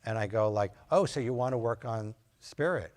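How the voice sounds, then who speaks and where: A man's voice: lowish voice, normal speed, a little mellow. A physician giving a conversational lecture to nurse practitioners, loose and anecdotal, acting out his talks with patients. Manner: loose and anecdotal, full of fillers, acts out patient dialogue.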